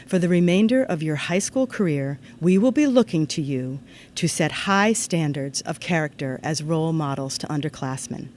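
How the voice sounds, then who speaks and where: A woman giving a formal ceremony address to students, in an earnest, measured way that turns lively when she tells a story. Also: deep voice, a little hiss or hum. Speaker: ceremony speaker. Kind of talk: formal commencement-style address.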